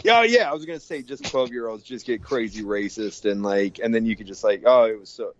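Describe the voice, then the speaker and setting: A man in casual podcast chat, excitable and stumbling over his words when eager. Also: fairly low pitch, a little fast, no echo. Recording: dull lo-fi podcast audio.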